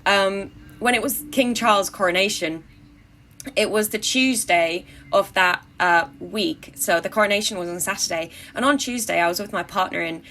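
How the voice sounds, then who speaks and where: A woman's voice: medium pitch, normal speed, bright, forceful tone, slight background noise. A young adult woman telling casual anecdotes in an interview, wry and tongue-in-cheek, with frequent fillers and restarts. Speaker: interviewee, activist.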